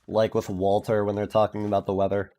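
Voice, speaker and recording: A man's voice: lowish voice, monotone, brisk, mellow. A man streaming and chatting casually, rambling with lots of filler words and restarts. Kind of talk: casual chat.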